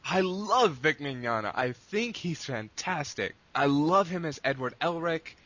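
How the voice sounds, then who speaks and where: Male interview guest, casual and rambling, with a bright, forceful tone. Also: a little high, expressive, measured pace. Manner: long-winded, rambling with restarts. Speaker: guest, abridged series creator.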